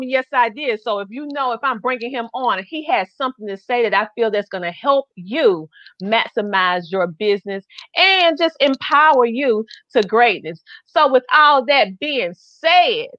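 Excited Southern woman hosting a show. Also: on the high side, dry recording, muffled recording. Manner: excited, gushing, drawn-out emphasis. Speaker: host. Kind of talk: live online business show.

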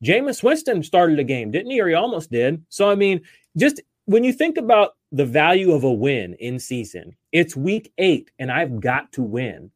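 A man's voice: a little high, sing-song, normal speed, dry recording, clean studio sound. A man hosting a fantasy football podcast, talking casually and animatedly, with lots of fillers and restarts. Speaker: podcast host.

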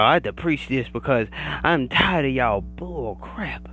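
A man's voice: medium pitch, animated, a little slow, sharp tone, slight background noise. A man delivering a profane, preachy rant like a mock sermon, laughing between his phrases as he addresses his podcast critics. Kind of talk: ranting mock sermon to camera.

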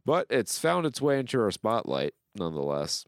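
A man's voice: on the low side, big pitch swings, moderate pace, gravelly, no echo, clean studio sound. A man hosting a podcast in casual chat, joking and reading reviews aloud with dramatic flair. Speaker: podcast host.

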